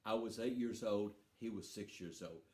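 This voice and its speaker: A man's voice: lowish voice, normal speed, darkish tone. A man telling a playful, folksy story to schoolchildren at a storytelling festival. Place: festival stage. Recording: roomy hall sound.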